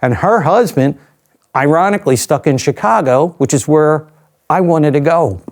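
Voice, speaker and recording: A man's voice: a little high, normal speed, a little mellow. An older man, an interview guest, telling a personal story in a reflective, conversational way with dry asides.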